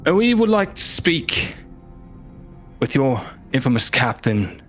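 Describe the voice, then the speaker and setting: A man voicing a bold, smooth-talking male pirate rogue with hearty sea-dog swagger in a tabletop game. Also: mid-range voice, big pitch swings, slow, fairly bright tone, faint music behind.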